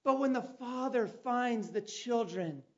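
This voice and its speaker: A man preaching a sermon, telling a personal story with dramatic turns and loud calls. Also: extremely high pitch, expressive, measured pace, muffled recording. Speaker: pastor.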